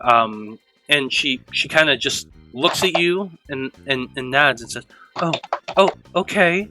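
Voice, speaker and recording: A man narrating as game master of a tabletop role-playing game, rambling with halting restarts. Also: mid-range voice, over music, poor audio.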